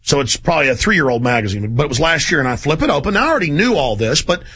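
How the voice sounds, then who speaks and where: A middle-aged man hosting a radio talk show, ranting intensely and rapidly in a conspiratorial tone. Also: fairly high pitch, very animated, pushed and bright, breathy edge.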